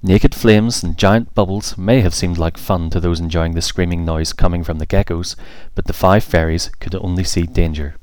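Deep-voiced man narrating a storybook. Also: fairly even intonation, normal speed, hardly any pauses, darkish tone, dry recording.

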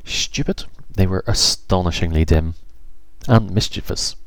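A man's voice: deep voice, moderate pace, warm tone, dry recording. A man reading a children's storybook aloud in a wry, playful way. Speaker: narrator.

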